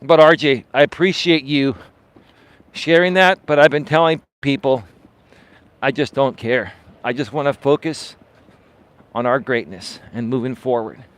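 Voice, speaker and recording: Male coach ranting unscripted to his live viewers, mid pitch, dry sound, dismissive, leans on "right?". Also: measured pace, dry recording. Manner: dismissive, emphatic, keeps asking "right?"; repeats words for stress. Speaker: life and dating coach, live-stream host. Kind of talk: unscripted live-stream monologue.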